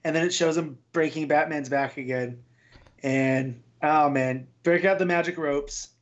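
A man co-hosting a casual comic book podcast, opinionated and wry, with halting restarts. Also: a little high, fairly even intonation, highs cut off. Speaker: podcast co-host.

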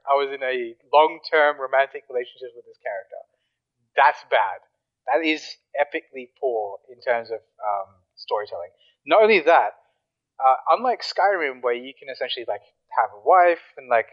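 A man's voice: mid-range voice, muffled recording. A man chatting casually about games, rambling with lots of fillers and restarts. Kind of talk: casual chat.

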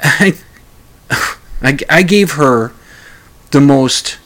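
A man's voice: fairly high pitch, animated, drawn-out words, a bit bright. A man hosting a talk radio show, telling a story in a rambling way, with stammered restarts and chuckling asides. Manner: acts out quoted lines in a raised voice.

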